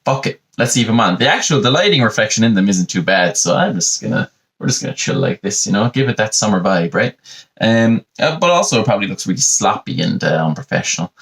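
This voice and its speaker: A man's voice: on the low side, very animated, fast talker, vocal fry, fairly bright tone. A young Irish man hosting a solo comedy podcast from his bedroom, rambling and sardonic, with constant "you know" asides. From Ireland. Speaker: podcast host. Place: bedroom at home.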